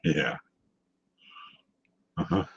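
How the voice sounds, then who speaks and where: A man listening to a story and chiming in with short agreements and quips. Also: extremely slow. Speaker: listener on the stream. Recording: dull lo-fi dry stream audio.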